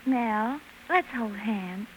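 A sweet, earnest young girlfriend in an old radio comedy, fretting and pleading in a high voice. A clear hiss from the vintage broadcast sits under her lines. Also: extremely slow, fairly bright tone, low-quality recording. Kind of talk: 1940s radio comedy acting.

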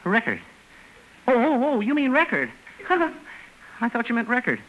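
An actor playing a bumbling young fix-it shop owner who cracks quick jokes and lets out nervous chuckles, in a 1940s radio comedy. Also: male voice, very high-pitched, wildly swooping pitch, muffled recording, full character voice. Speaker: comic lead of the show. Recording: very hissy old radio broadcast.

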